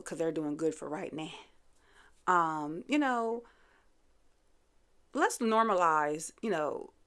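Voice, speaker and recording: A woman hosting a casual reality TV recap, chatty and opinionated, full of fillers and asides. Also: fairly low pitch. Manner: chatty, opinionated, lots of "you know" fillers.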